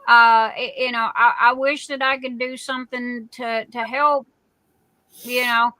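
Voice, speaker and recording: A woman's voice: on the high side, fairly even intonation, unhurried, pushed and bright, dry recording. A middle-aged woman from Southern Arizona hosting a live stream, chatting casually and telling stories with laughs. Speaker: livestream host.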